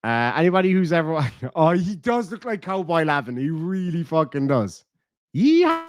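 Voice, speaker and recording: A man's voice: fairly high pitch, animated, moderate pace, no echo, studio quality. An Irish man streaming, casually chatting and reading out viewer comments, swearing and laughing between rambling asides. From Ireland. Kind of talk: casual live-stream chat.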